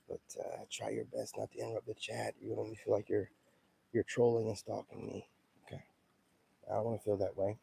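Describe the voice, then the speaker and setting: Dark-voiced man ranting on a livestream. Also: medium pitch, creaky, dry recording. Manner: loose, emphatic, keeps asking "you know what I'm saying". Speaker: livestream host. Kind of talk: casual livestream chat.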